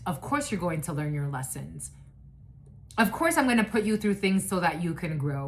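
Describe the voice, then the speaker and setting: A woman's voice: medium pitch, sing-song, normal speed. A woman giving a casual spiritual reading, blunt and profane, who rambles, restarts and laughs often. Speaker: psychic reader.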